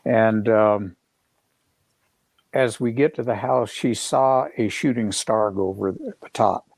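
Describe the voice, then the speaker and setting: Halting middle-aged man with a gravelly edge. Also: lowish voice, darkish tone, dry recording. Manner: rambling, halting, many fillers and restarts. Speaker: guest. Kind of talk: casual storytelling on a live video call. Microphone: video call.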